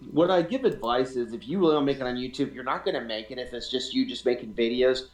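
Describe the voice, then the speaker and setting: A man's voice: medium pitch, fast talker, reverberant, poor audio. A man talking as a podcast guest in casual chat, earnest and repeating himself for emphasis, over a remote call.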